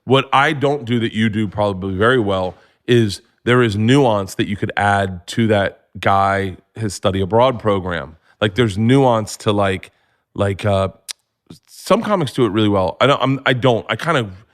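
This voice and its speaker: Comedian guest, man in his 40s, low voice, loose animated storyteller. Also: a little slow. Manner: animated storyteller, jumps to high excited voices when acting out scenes. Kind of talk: casual storytelling.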